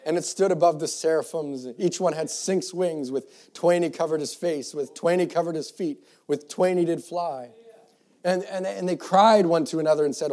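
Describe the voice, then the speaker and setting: A man preaching a sermon to young people, reading scripture in old-fashioned wording and moving from quiet reflection to loud, fervent exhortation. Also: fairly high pitch, normal speed. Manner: reads scripture in King James wording, with repeated restarts.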